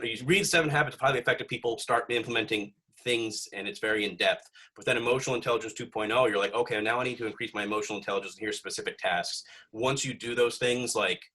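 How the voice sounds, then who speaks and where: A man's voice: lowish voice, bright, forceful tone, slightly rough. A young man hosting a podcast, chatting casually and rambling with lots of fillers and swearing. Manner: rambling, profane, filler-heavy. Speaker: podcast host.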